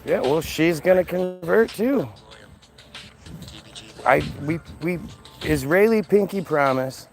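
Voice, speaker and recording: Man, livestream host, sarcastic mocking rant, slightly high voice, gravelly. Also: expressive, slow, long pauses, soft background music, rough recording. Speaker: livestream host reading chat.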